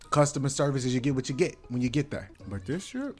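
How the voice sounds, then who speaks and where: A man co-hosts a casual podcast chat. He talks playfully and loudly, and his voice leaps high whenever he jokes. A faint music bed runs softly beneath him. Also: lively intonation, fast talker. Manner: loud, playful, jumps high in pitch when joking. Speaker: podcast co-host.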